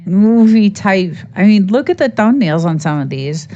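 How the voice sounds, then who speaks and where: A woman's voice: mid-range voice, expressive, moderate pace, mellow. Woman rambling on her livestream, tired after work, laughs a lot, kinda dull lo-fi audio. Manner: rambling, reads chat aloud, laughs often. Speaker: livestream host. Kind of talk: casual live-stream chat.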